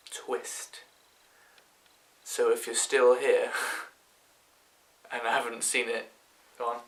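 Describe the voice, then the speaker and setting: British male reviewer, bright edgy voice, unhurried rambling delivery, echoey room. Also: mid-range voice. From Britain. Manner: rambling, chatty, with many fillers and restarts. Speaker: film reviewer. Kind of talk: casual spoken movie review.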